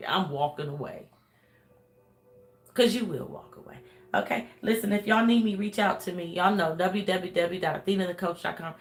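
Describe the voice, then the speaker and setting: A woman's voice: medium pitch, a little fast. A woman life coach giving an emphatic motivational talk. She repeats her points over and over and laughs often.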